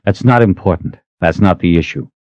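A man voicing a captive young wizard in an audiobook, speaking quietly and firmly. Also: low-pitched, fairly quick, no echo, dull audio, lightly acted. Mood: restrained. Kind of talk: audiobook character voice.

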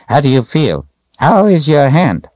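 A man doing a high, teasing old wizard. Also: very animated, a little mellow, no echo, lo-fi sound, heavily acted. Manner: high, slow, drawn-out teasing voice.

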